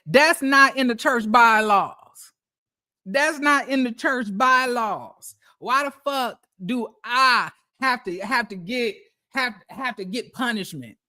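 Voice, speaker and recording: A man's voice: extremely high pitch, pushed and bright. Exasperated, profane man ranting. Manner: profane, exasperated, repeats phrases. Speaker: streamer. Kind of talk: casual storytelling rant.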